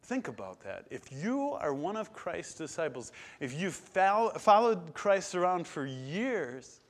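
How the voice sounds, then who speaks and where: A man preaching a sermon, retelling scripture with dramatic swings from loud declarations to hushed, quiet passages. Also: on the high side, big pitch swings, a little slow.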